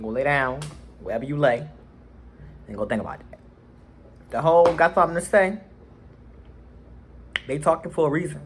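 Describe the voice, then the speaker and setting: A young man telling a casual storytime vlog, animated and slangy, recording on his phone. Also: mid-range voice, slight background noise. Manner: animated, slangy, acts out quotes. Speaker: vlogger.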